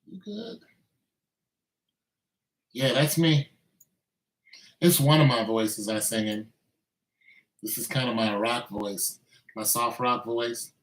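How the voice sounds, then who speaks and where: A man in his fifties, a singer-songwriter chatting casually between takes in a relaxed, musing way with easy fillers. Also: medium pitch, takes it slowly, pauses often. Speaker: singer-songwriter making beats. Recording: echoey room with faint music.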